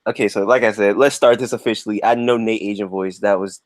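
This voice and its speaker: A man's voice: fairly low pitch, steady tone, fast talker, dry recording. A man hosting a livestream in a laid-back, joking, slangy way. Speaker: livestream host. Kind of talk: casual livestream chat.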